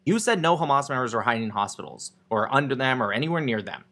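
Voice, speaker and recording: A man in an online debate who keeps his voice level and measured while sounding dismissive of his opponent. He speaks at an ordinary middle pitch. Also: sing-song, sharp tone.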